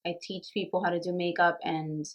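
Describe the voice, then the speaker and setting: A young makeup artist and beauty vlogger talks casually to the camera, earnest and reflective, a bit nervous and emotional. Her voice is lowish and flat, fairly quick, and the audio sounds dull.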